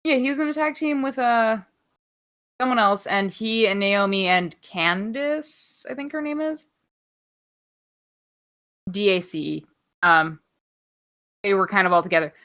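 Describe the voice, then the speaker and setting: A woman's voice: mid-range voice, expressive, unhurried, long pauses, bright, forceful tone, clean tone. A woman co-hosting a podcast, chatting casually through wrestling news in an offhand, rambling way, swearing freely and filling gaps with ums. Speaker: podcast co-host.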